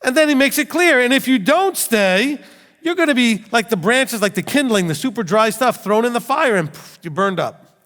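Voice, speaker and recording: A man's voice: very high-pitched, lively intonation, brisk, fairly bright tone. Man, middle-aged, rabbi teaching, storytelling, rhetorical questions, echo of a big hall. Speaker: rabbi teaching a Bible study. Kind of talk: animated sermon teaching. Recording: long hall reverb.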